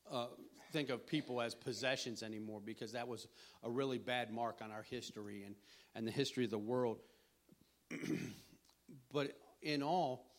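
A middle-aged preacher with a mid-range voice gives an informal sermon. He rambles conversationally, restarting often and clearing his throat frequently.

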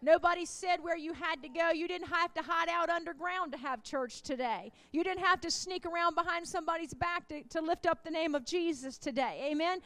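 A high-voiced woman preaching a sermon, leaning into call-and-response with the congregation. Her delivery builds with fervor as she calls out amens and hallelujahs. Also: fairly quick, few pauses, fairly bright tone, no echo.

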